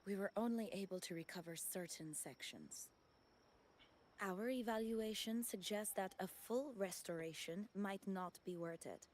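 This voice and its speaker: A woman's voice: mid-range voice, measured pace, a little mellow, slight background noise, natural voice. An actress voicing a dutiful female attendant in a video game, formal, polite and businesslike. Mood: formal report. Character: dutiful female attendant reporting to her lady.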